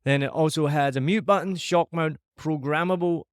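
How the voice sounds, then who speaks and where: A man's voice: a little high, a little fast, no echo, clean studio sound. A Scottish man hosting a podcast, chatting casually and upbeat as he reviews a microphone, recorded on a dynamic mic in a large living room. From Scotland. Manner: upbeat, chatty, self-deprecating. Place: large empty living room with shiny surfaces. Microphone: dynamic microphone on a boom arm.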